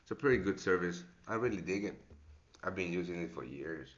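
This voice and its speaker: A man's voice: deep voice, lively intonation, brisk, dull audio. A man hosting a live trading show, giving casual, rambling market commentary, swearing now and then and calling his viewers mate. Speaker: forex trading show host.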